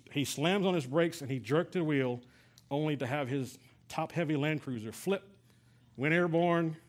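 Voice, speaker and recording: A middle-aged man from Texas preaching a sermon, telling a personal story in a conversational way with many fillers and restarts. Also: fairly high pitch. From San Antonio, Texas. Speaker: pastor.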